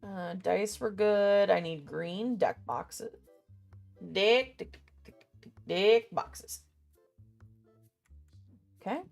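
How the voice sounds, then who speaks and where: A woman's voice: mid-range voice, drawn-out words, vocal fry, long pauses, darkish tone, soft background music. A young woman in casual, rambling chat who swears freely and mutters to herself as she makes a list. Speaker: vlogger.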